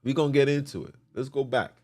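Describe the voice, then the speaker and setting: A man hosting a podcast, giving a preacherly religious teaching in casual slang, repeating phrases and swinging from loud emphasis to quiet muttering. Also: mid-range voice, fast talker, no echo, studio quality, faint music behind. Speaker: podcast host.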